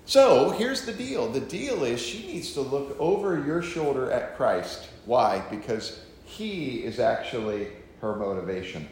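A man's voice: medium pitch, lively intonation, a little slow, few pauses, a little mellow, a little hiss or hum. Chatty pastor man in a very echoey room. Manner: chatty, joking asides to the audience. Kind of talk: conversational Bible teaching.

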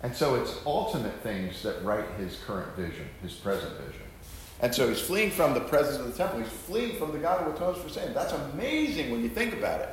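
A man's voice: medium pitch, very animated, brisk, a little hiss or hum. A man preaching an earnest Bible teaching, pressing his points with rhetorical questions. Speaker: pastor teaching. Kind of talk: sermon-style Bible teaching. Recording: echoey room.

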